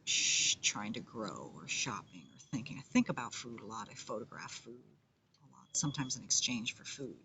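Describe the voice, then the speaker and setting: A playful, self-mocking comedian and musician rambles through a casual monologue, often dropping into whispers. The voice has a gravelly, fry-laden texture at a middle pitch, with faint noise behind it.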